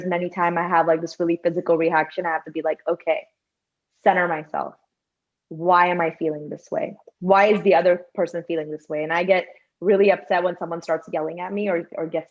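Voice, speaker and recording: A woman's voice: lowish voice, muffled recording. A woman co-hosting a podcast in a chatty way, saying "like" often and acting out quoted reactions. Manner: chatty, says "like" a lot, acts out quotes. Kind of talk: casual chat.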